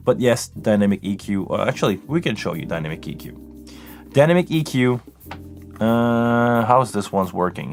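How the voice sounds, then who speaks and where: A man's voice: lowish voice, moderate pace, soft background music. A man from Montreal, hosting a live Q&A stream and explaining sound settings as he adjusts them, speaking close into a vocal microphone. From Montreal, Canada. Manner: hands-on, explanatory, talks while adjusting settings. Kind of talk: live-stream tech demo and Q&A. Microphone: close vocal microphone running through a mixing console.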